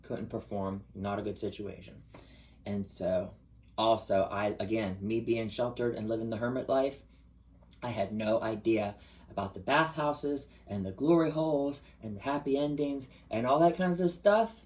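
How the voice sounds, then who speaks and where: A man in a casual, confessional vlog monologue, chatty and expressive, with sudden rises in pitch for emphasis. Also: moderate pace, rough recording. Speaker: vlogger.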